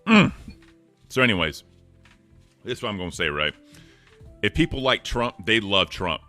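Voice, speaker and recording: A man co-hosting a casual livestream chat in a deep voice, upbeat and thanking chat members by name. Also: sing-song, moderate pace, bright, forceful tone, soft background music. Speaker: co-host.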